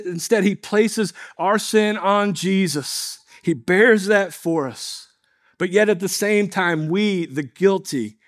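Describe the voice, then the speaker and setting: A man preaching a sermon as a pastor, earnest and measured, posing rhetorical questions to his listeners. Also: high-pitched.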